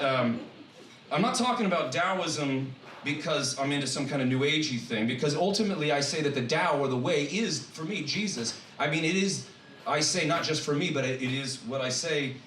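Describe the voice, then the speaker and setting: A man, a guest speaker and college professor, giving a humorous sermon-style talk in a church, animated and full of joking asides. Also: medium pitch. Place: church hall. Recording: echoey hall from far off, faint noise.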